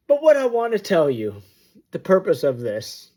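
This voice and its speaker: A motivational storyteller speaks at normal speed in a high, animated voice. Addressing the camera, he tells a personal story brimming with sound effects, meant to be inspiring.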